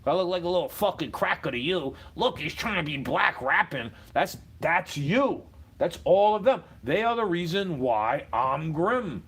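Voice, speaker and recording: A man with a slightly high-pitched voice rants straight at the camera. He is combative and profane, dropping to low mutters before building into shouted outbursts. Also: animated, unhurried, husky. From United States. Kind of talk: profane ranting monologue.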